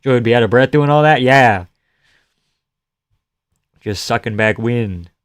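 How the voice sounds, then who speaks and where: Smooth-voiced man casually chatting on a stream. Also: mid-range voice, a little slow, no echo, clean studio sound. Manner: joking, swears casually. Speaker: live streamer. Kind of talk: casual chat while reading live comments.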